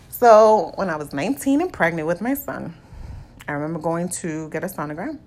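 A woman's voice: lowish voice, big pitch swings, moderate pace, a little mellow. A young adult woman hosting a solo podcast, talking candidly and confessionally with casual swearing. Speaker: podcast host.

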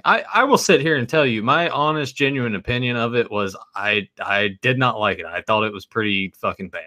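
Bright-voiced stammering male co-host. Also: medium pitch, a little fast, few pauses. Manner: stammering, blunt, joking. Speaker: podcast co-host. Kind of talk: casual chat.

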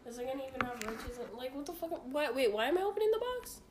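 A young woman co-hosting a casual podcast, answering quiz questions bluntly with lots of swearing and quick comebacks. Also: high voice, big pitch swings, noisy background. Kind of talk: casual chat.

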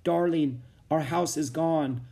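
A man's voice: fairly high pitch, slow, gravelly, mellow, husky, pitched above the performer's own voice, full character voice. Man doing an anxious young mother. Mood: emotional.

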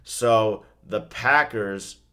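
A man talking casually about football as he watches a game, ranting and swearing and swinging between excitement and flat disappointment. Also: lowish voice, very slow. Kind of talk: casual sports chat.

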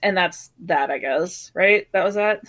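A woman's voice: fairly low pitch, a little slow, a bit bright. Young woman co-host, casual recap chat, giggly, mimics characters' lines. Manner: chatty, laughs often, acts out characters' lines. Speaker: podcast co-host.

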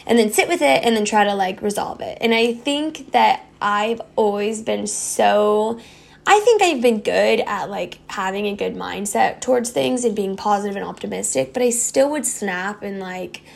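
Young woman host, relaxed reflective talk, lots of fry, meandering delivery. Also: medium pitch, moderate pace. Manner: rambling, heavy use of "like" fillers. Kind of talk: casual reflective monologue.

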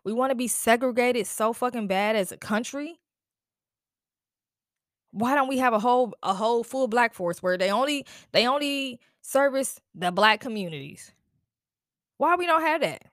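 A woman's voice: medium pitch, dry recording, studio quality. A woman with children hosting a podcast, ranting in an angry, exasperated way, worn out and upset, swearing and repeating her questions. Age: adult with children. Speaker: podcast host. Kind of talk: impassioned solo podcast rant.

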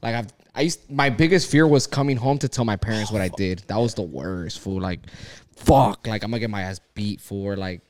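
A man co-hosting a podcast in relaxed, slangy casual chat, often restarting his sentences. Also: on the low side, fairly quick. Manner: laid-back, slangy, stumbling restarts. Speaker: podcast co-host.

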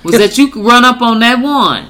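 A blunt woman, talking in a casual co-hosted chat. Her voice is bright and forward. She swears freely and hammers her points home with rhetorical questions. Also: fairly high pitch, expressive, normal speed. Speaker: podcast co-host.

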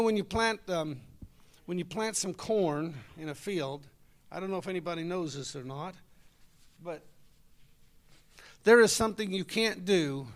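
Man, preacher, high-pitched, folksy sermon. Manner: folksy, conversational, talks with the congregation.

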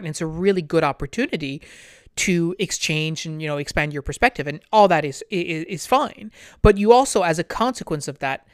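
A woman chatting casually, full of "like" fillers and telling stories with lively acted-out quotes. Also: deep voice, no echo, clean studio sound. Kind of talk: casual chat.

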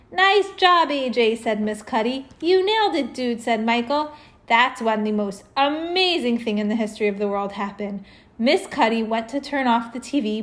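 A woman reading a children's chapter book aloud in a lively, animated way, with chatty asides. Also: fairly high pitch.

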